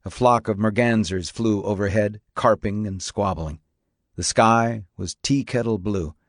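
Guy reading an audiobook, deepish voice, steady, dry close sound. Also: no echo. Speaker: narrator. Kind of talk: audiobook narration.

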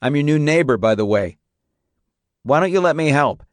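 A man performs a blunt, gruff horse trainer, pitching his voice above his own natural range yet keeping it close to an everyday voice. His remarks are terse and dry, with fairly high pitch, lively intonation, and normal speed, captured in a dry, studio-quality recording.

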